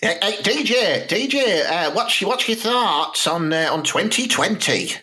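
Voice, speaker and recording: A man's voice: sits high, animated, unhurried, bright, forceful tone, full character voice. A man voicing a foul-mouthed older football manager, who rants and swears constantly in a comedy sketch. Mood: mocking.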